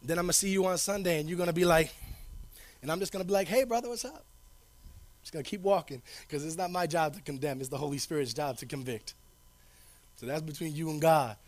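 A male pastor preaching a sermon in an informal, slangy way. He repeats key phrases for emphasis and swings between loud declarations and low asides. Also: fast talker.

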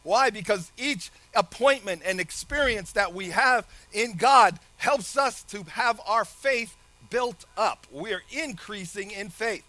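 A man with a very high, bright voice preaches an animated sermon. He laughs often and shouts some phrases. The sound is dry and close. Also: dry recording.

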